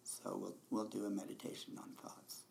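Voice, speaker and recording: A man giving a relaxed, conversational dharma talk as a meditation teacher, often laughing softly. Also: on the low side, moderate pace, creaky, a little hiss or hum.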